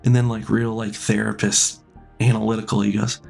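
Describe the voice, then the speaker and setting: A man doing stand-up comedy, telling a story in an animated way and acting out both sides of the exchange. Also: on the low side, normal speed, gravelly, soft background music.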